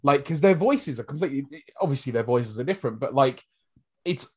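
A man's voice: medium pitch, lively intonation, a little fast, slightly rough. A British man hosting a podcast, chatting casually and animatedly, laughing often. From Britain. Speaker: podcast host. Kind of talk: casual chat.

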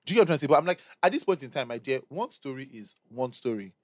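A young Nigerian man co-hosting a casual podcast chat, rapid and repeating words as he finds his point. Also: mid-range voice, lively intonation, no echo. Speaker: podcast co-host.

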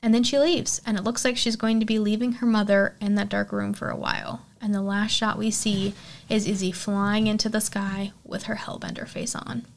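A woman hosting her own horror podcast walks through a film's story in an easygoing, conversational way. Her voice sits at an ordinary middle pitch, and she leans on "like" and "you know" as she talks. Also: level tone, moderate pace, creaky. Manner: chatty, lots of "like" and "you know". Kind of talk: casual film recap and review.

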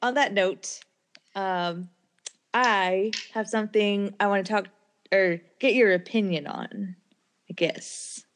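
A woman's voice: mid-range voice, slow. A woman co-hosting a casual chat, hesitant and often laughing. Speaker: podcast co-host.

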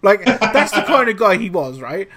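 Podcast host, young adult man, lively swearing storyteller, voice rising and falling a lot. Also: sits high, normal speed. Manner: animated storytelling, heavy swearing. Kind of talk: casual chat.

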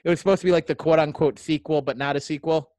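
A man's voice: a little high, steady tone, quick pace, darkish tone, no room sound. A man co-hosting a casual movie chat who jokes a lot and acts out quoted lines. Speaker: podcast co-host.

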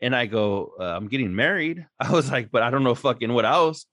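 A podcast co-host chats casually, rambling, cursing freely, and laughing a lot. His mid-range voice is animated, a little fast, and fairly bright, captured in a dry, studio-quality recording.

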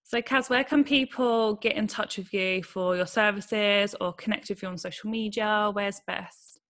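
A woman's voice: mid-range voice, fairly even intonation, moderate pace, a bit bright. A woman hosting a podcast interview, chatting casually and agreeing with enthusiasm. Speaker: podcast host.

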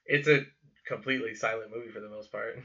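Rambling young man, bright, lo-fi. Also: on the low side, vocal fry. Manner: rambling, profane, drawn-out explanations. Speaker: podcast co-host. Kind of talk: casual chat about movies. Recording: dull lo-fi sound.

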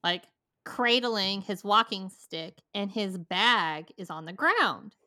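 A woman telling a story in a loose podcast chat, animated and quick to swear. Her voice is bright and sharp. The recording is dry and close. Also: medium pitch, dry recording. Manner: animated, laughing, profane. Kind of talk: casual storytelling.

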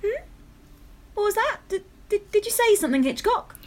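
A woman's voice: very high-pitched, sing-song, moderate pace. A woman voicing an earnest, prim young detective's assistant in a comedy audio drama. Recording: noisy recording.

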